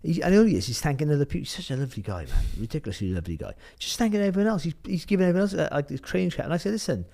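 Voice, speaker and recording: Brief: man, boxing pundit, quick rambling delivery, mellow dark tone. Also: on the high side, expressive, gravelly. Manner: rambling, restarts, swears freely. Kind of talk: casual panel chat.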